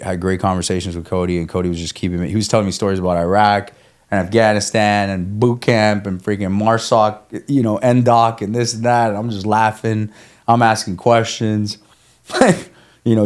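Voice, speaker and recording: Low-voiced man telling a story casually. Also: flat delivery, a little fast. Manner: storytelling, swears freely, laughs while telling. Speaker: guest, ultramarathon runner. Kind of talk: casual podcast chat.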